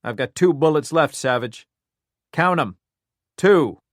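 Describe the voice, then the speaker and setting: A man's voice: a little high, animated, unhurried, dry recording, clean studio sound, pitched above the performer's own voice. A man voicing a vengeful, furious cop. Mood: menacing. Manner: threatening, yelling. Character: enraged male detective bent on revenge.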